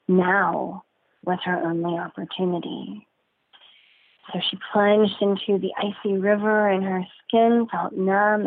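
A woman telling a folk story in a slow, deliberate way, dwelling on sensory detail. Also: medium pitch, gravelly, dry recording. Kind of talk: told folk story, guided narration. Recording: narrow phone-like sound, dry.

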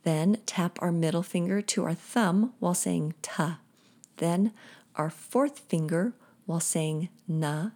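A woman guides listeners through a meditation at an unhurried, deliberate pace. Her voice is breathy and sits a little low, and she chants the syllables in a steady, soothing rhythm. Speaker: podcast host leading a meditation.

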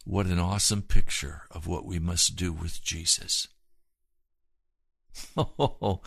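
Gravelly-voiced man preaching earnestly. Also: deep voice, steady tone, takes it slowly, pauses often, dry recording. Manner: earnest, swings between hushed and emphatic. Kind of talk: sermon.

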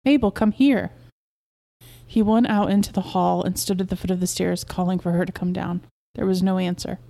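A woman podcast host narrating a short story in a steady, measured way. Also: lowish voice, creaky.

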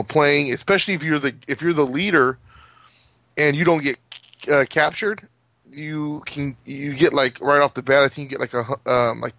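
A man's voice: mid-range voice, vocal fry, fairly bright tone, no room sound. A man chatting casually about video games, rambling with many fillers and restarts. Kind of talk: casual gaming chat.

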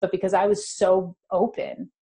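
A middle-aged woman from California, guest in an interview, telling a personal spiritual story in an animated, emotional way. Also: medium pitch, moderate pace.

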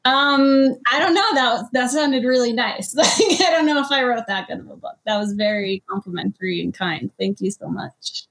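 A woman's voice: fairly high pitch, animated, normal speed, few pauses, a bit bright. A woman author being interviewed, answering modestly and hesitantly, with many fillers. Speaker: author, guest.

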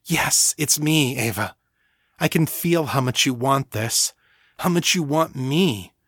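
A man reading a young man's lines in his own voice, low and teasing. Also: lively intonation, slow, a bit bright, husky, no room sound, clean studio sound, exaggerated voice. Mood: urgent.

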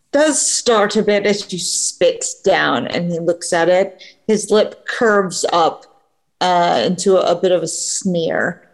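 A woman narrating a tabletop game as game master, describing scenes in an unhurried way. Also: fairly low pitch, gravelly, darkish tone.

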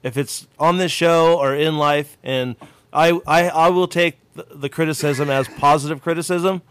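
Blunt, excitable man co-hosting a podcast. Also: on the high side, normal speed, a little hiss or hum. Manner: blunt, gets loud and heated when riled. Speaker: podcast co-host. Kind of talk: casual chat.

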